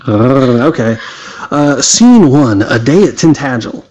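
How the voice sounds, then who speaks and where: A man of middling pitch runs a tabletop game, joking with the players and tripping over words as he reads aloud. The recording is muffled and lo-fi. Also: expressive, takes it slowly, a little mellow. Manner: playful, stumbling over words. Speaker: game master. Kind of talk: casual chat and reading an adventure aloud. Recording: dull, lo-fi sound.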